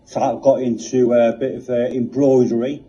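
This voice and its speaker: A man's voice: mid-range voice, little pitch movement, normal speed, warm tone, voice pushed down, lightly acted. A man voicing a bored, laid-back male talking police box with a Cockney accent, rambling and padding his talk with "you know what I mean". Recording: dull lo-fi recording.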